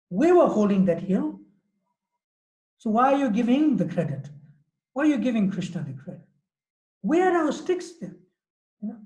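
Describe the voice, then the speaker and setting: A man's voice: extremely high pitch, warm tone, roomy sound, pitched above the performer's own voice, poor audio. A man voicing a proud, fond old cowherd father, speaking emphatically.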